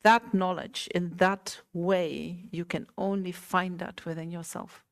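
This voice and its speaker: A woman teacher giving a Buddhist talk to a small group, gentle and unhurried, often asking her listeners questions. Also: fairly low pitch, steady tone, creaky. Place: meditation center hall.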